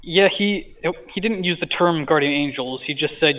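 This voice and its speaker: A man's voice: a little high, fairly quick. A man, a podcast guest, casually retelling a dream, hesitant with many fillers and a stutter he mentions himself. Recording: tinny phone-like line.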